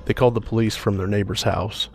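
A man hosting a podcast, introducing the episode and narrating crime details in a steady, even tone. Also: on the low side, fast talker, creaky, soft background music. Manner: steady, even-toned reading. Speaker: podcast host.

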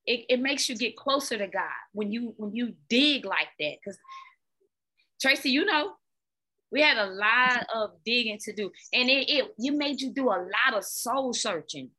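A woman guest, a fitness coach, telling her own story candidly, animated and often repeating words. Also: on the high side, normal speed, slightly rough. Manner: animated, repeats words, talks to listeners as "y'all".

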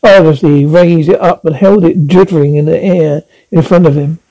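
A man's voice: a little high, steady tone, warm tone, rough recording. A man reading a storybook aloud, stumbling often and correcting himself as he narrates. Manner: halting with frequent slips and restarts. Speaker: audiobook reader.

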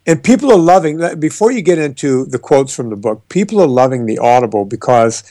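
Male podcast guest, fitness author, mid-pitched, lively storyteller; dry close mic. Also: a little fast, dry recording. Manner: animated storyteller, emphatic and joking. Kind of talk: casual podcast interview.

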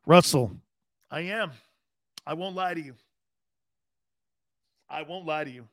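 A man's voice: a little high, unhurried, a bit bright, no echo, clean studio sound. A man hosting an opinionated sports talk radio show, brash, rambling and joking.

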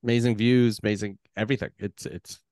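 A man co-hosting a podcast in casual chat, talking in halting bursts with many fillers. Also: fairly low pitch, fairly even intonation, darkish tone, dry recording, studio quality. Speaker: podcast co-host.

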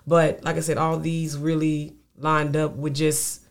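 Young female songwriter guest, gravelly voice, rambling casual talk. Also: low-pitched, flat delivery, a little slow. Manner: rambling, many "you know" fillers. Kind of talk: casual interview chat.

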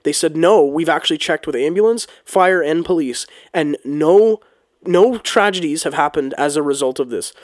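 A man's voice: fairly high pitch, moderate pace, no room sound, studio quality. A man giving a heated, casual opinion monologue on politics, swearing often and restarting his sentences. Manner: heated, ranting, swears, frequent restarts and ums. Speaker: political commentator.

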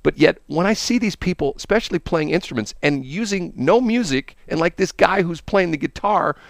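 A male host chatting on the radio, his pitch swinging widely as he rambles from one enthusiastic story to the next. The sound is dry and close, with no room around it. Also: lively intonation, normal speed, creaky, dry recording. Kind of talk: casual chat.

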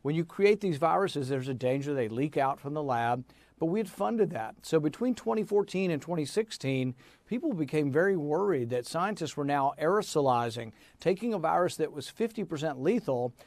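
Interview guest: man, fairly high pitch, animated and emphatic, dry close-miked sound. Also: normal speed, no echo. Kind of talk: interview answer.

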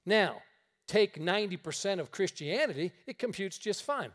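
A man preaching a sermon on a radio broadcast, telling stories and acting out the dialogue with lively energy. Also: sits high, moderate pace. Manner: animated storyteller acting out dialogue. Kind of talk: sermon storytelling.

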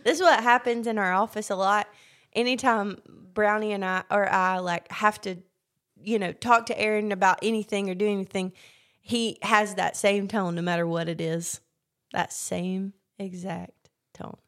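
A woman's voice: mid-range voice, steady tone, normal speed, fairly bright tone. A woman hosting a podcast, teasing her co-hosts and laughing often. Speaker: podcast host. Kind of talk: casual chat.

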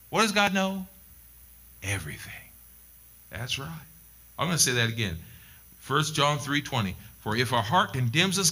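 A man's voice: mid-range voice, bright, forceful tone. A middle-aged male pastor delivering a sermon, telling stories and repeating key points for emphasis. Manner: emphatic, repetitive storytelling preacher.

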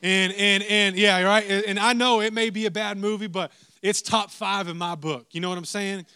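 A man's voice: high-pitched, steady tone, moderate pace, bright, forceful tone, clear, resonant tone, no room sound. A young adult man preaching a sermon, telling a story with lots of repeated asides to the listeners. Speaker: pastor.

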